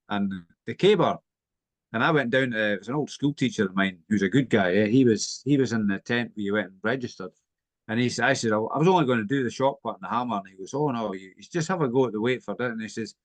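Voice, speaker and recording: A man with a Scottish accent chatting casually, easygoing, telling stories at an even pace. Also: medium pitch, dry recording. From Scotland. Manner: easygoing, anecdotal. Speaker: regular guest. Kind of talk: casual chat.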